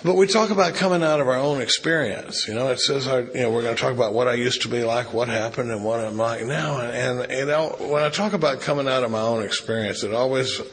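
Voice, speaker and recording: A middle-aged AA speaker from Dallas, Texas tells his recovery story in a retreat meeting room, rambling, joking and restarting often. His medium-pitched voice is fast and fairly bright with few pauses, over a little hiss or hum.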